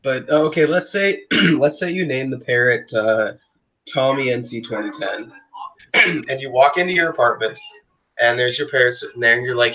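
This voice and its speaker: A man's voice: mid-range voice, expressive, normal speed, bright, forceful tone, lo-fi sound, slight background noise. A man co-hosting a casual podcast chat, laid-back, laughing often and swearing freely. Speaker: podcast co-host.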